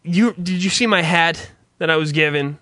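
A man's voice: on the high side, moderate pace, bright, forceful tone, no echo, studio quality. A young man hosting a podcast in casual chat, swearing and laughing often. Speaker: podcast host.

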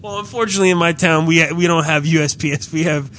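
Slightly high-voiced and fast-talking, this man has a somewhat bright tone, with a little background noise in the recording. He's a storyteller in a podcast chat, casually recounting a comedic story in a profane, exasperated way and acting out the quoted dialogue of the people involved.

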